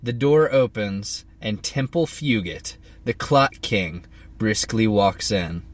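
A male podcast co-host with a fairly low voice. He talks in a relaxed way with frequent fillers and also narrates script passages. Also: takes it slowly. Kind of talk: casual chat and script narration.

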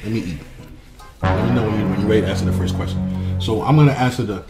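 A man's voice: fairly low pitch, fast talker, over loud music. A young man hosting a casual mukbang vlog, teasing his kid playfully while he eats. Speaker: family vlogger and dad.

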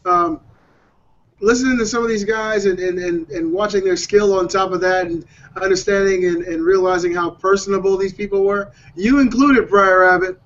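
A man's voice: high voice, steady tone, normal speed, a bit bright. A man talking casually and enthusiastically in a group chat, often restarting his sentences. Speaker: podcast host. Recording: dull lo-fi audio.

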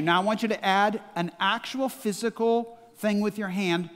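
A man's voice: high voice, normal speed, hardly any pauses, a bit bright. A man in his sixties with a Midwestern American accent, a pastor preaching a sermon with emphatic call-and-response, recorded in a large church hall. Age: 60s. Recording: long church-hall reverb.

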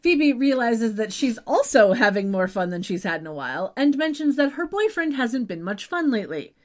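A woman's voice: on the high side, big pitch swings, moderate pace. A woman co-hosting a podcast, recapping a TV episode in casual chat with wry asides. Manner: chatty, wry asides, trails off with "just saying". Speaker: podcast co-host.

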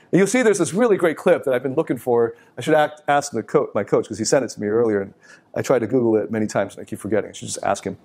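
A man's voice: medium pitch, fast, darkish tone. A middle-aged man giving a live motivational talk, blunt and profane, often acting out the voices of people he quotes.

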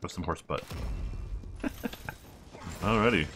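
Low-voiced man muttering game commentary. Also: slow, noisy background. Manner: low-key muttered asides with wry remarks. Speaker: gameplay commentator. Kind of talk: casual let's play commentary. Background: game music and gunfire.

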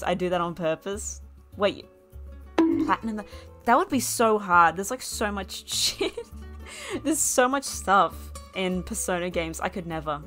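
A woman's voice: on the low side, expressive, takes it slowly, pauses often, a bit bright, faint music behind. A woman streaming a game live, chatting casually with her viewers, laughing often and swearing freely. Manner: giggly, swears freely, chats with viewers while playing.

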